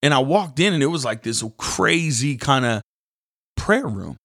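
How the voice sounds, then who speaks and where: A man hosting a devotional podcast, telling a story in an animated, casual, preacher-like way. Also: medium pitch, unhurried, creaky, no room sound, studio quality. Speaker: podcast host.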